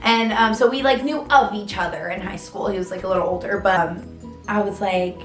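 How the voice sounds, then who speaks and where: A woman's voice: mid-range voice, fairly quick. A young woman vlogging casually, chatty and full of fillers, with dramatic swings in her storytelling. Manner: chatty, many fillers, dramatic ups and downs. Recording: roomy sound with faint music.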